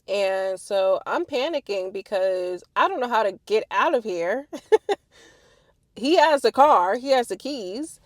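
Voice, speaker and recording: A woman in her thirties casually telling a personal story to her viewers, animated and swearing freely. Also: mid-range voice, unhurried, no echo.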